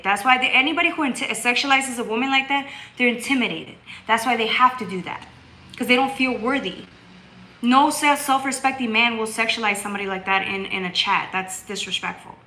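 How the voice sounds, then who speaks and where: Bright-voiced woman hosting a tarot livestream. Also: fairly high pitch, a little fast, a little hiss or hum. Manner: blunt and scolding, reads chat aloud, bursts into loud laughter. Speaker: tarot reader and livestream host. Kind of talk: casual livestream chat with viewers.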